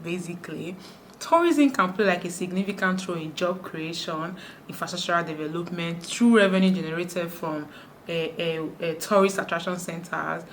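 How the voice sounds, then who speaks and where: A woman from Nigeria talking fast to camera in a sit-down vlog, with frequent restarts. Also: on the low side, a bit bright, a little hiss or hum. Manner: talks fast, many restarts. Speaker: YouTuber. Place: indoors, sit-down video.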